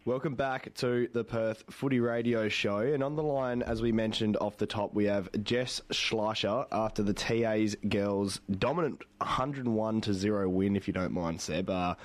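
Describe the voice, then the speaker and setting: Halting Australian sports radio host, man. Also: lowish voice, dry recording. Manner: halting, stumbling over words.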